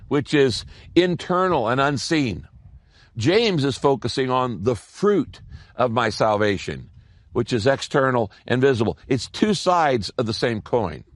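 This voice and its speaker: A male pastor preaching a sermon with a lively, rising and falling voice. He pushes some phrases out in quick bursts and lingers on others. The sound is dry and close. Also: dry recording. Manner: expressive preaching with wide pitch swings and bursts of speed.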